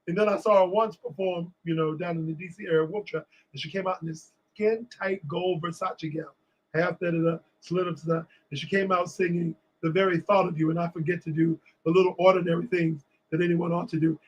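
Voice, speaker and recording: A man from Washington, D.C., a guest on a talk show, telling lively stories and acting out what people said. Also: high-pitched, a little fast, dull audio. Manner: animated storyteller acting out quotes. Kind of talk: storytelling in a casual interview.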